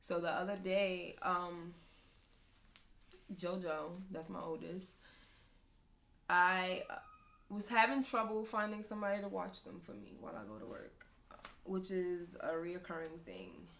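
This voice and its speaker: Candid young mother, slightly low voice. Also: unhurried, creaky, pauses often, fairly bright tone. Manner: open, emotional, laughs often. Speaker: podcast host, mother of two sons. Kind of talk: candid personal talk.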